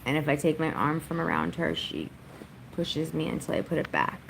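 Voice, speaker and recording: A woman's voice: deep voice, expressive, normal speed, gravelly, slight background noise, rough recording. A woman vlogger chatting casually on a livestream from her home during a storm, doting on her dog.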